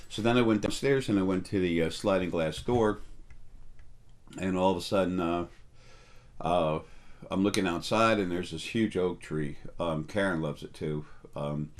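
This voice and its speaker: A man's voice: low-pitched, moderate pace. A middle-aged man giving a casual, rambling spiritual talk, full of fillers and restarts. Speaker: spiritual teacher.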